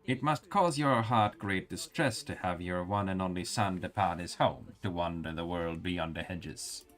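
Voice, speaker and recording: A man voicing an elderly matriarch who speaks slowly in formal, archaic words. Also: deep voice, a bit bright. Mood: stately. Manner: slow, archaic, formal speech. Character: revered elderly matriarch grandmother, stately and solemn.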